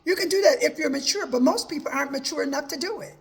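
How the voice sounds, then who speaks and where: A woman with a high, bright-pitched voice talks earnestly through her own life story as advice. She keeps quoting what she told people, leaning on repeated "I said" as she goes. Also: quick pace. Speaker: host. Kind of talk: personal advice talk.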